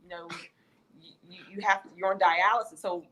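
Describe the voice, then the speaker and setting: A woman's voice: medium pitch, brisk, a crowd in the background. A middle-aged woman in a casual interview, telling a story expressively and acting out what people said. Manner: expressive, acts out quotes. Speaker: guest, wife.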